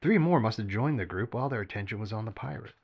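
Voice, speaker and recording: A man reads his own fiction aloud as a storyteller. His delivery is expressive and animated, with pitch that rises and falls freely. Now and then he slips and restarts a phrase. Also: fast talker, vocal fry, breathy edge, lo-fi sound. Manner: lively, expressive reading with occasional slips and restarts. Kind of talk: story narration read aloud.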